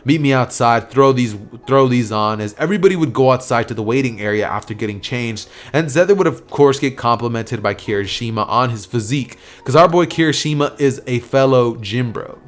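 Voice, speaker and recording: A man spins an improvised fan story in a casual, rambling manner, leaning on fillers and restarts. His voice sits at a middle pitch for a man. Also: expressive, brisk, few pauses. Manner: loose, rambling, filler-heavy. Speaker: storyteller, channel host.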